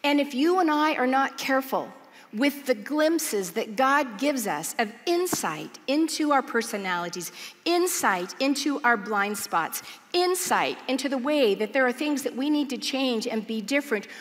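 A woman preacher giving a sermon, telling a story in an animated, earnest way. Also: high-pitched, normal speed, long reverb tail. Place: large church auditorium.

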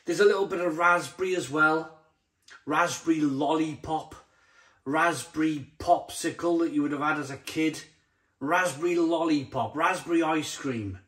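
A man's voice: fairly high pitch, moderate pace, a bit bright. A man reviewing a beer to camera in a blunt, exasperated way, often stumbling and repeating himself. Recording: roomy echoey sound.

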